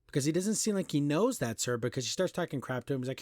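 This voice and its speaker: A man hosting a podcast, recapping and criticizing an animated pilot in casual, exasperated commentary with mocking quoted voices. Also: a little high, fast talker, dry recording, studio quality. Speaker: podcast host reviewing an animation.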